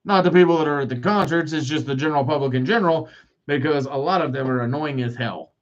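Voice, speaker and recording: A man's voice: on the high side, fast, muffled recording. A man in his forties hosting a solo podcast, rambling through profane, self-mocking rants. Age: 40s. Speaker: podcast host.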